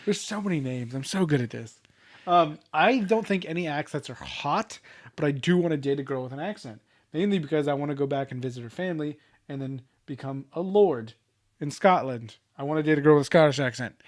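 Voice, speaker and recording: A young man banters as a podcast co-host, his voice pitched somewhat above most men's. He keeps things casual, teasing his friend and swearing freely. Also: animated. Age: young adult. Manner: joking, profane, quick to tease. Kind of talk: casual chat.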